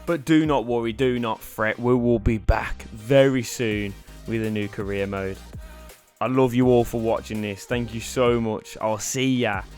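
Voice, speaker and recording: A young man commentating on his football video game, muttering one moment and yelling the next. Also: mid-range voice, fairly even intonation, measured pace, faint music behind. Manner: swings from hushed muttering to yelling celebrations. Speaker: gaming YouTuber. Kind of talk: excited gameplay commentary.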